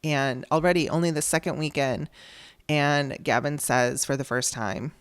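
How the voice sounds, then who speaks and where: A woman's voice: low voice, fairly even intonation, normal speed, smooth, no room sound. A woman hosting her own podcast, telling a personal story in a candid, conversational way and acting out the dialogue she quotes. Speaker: podcast host.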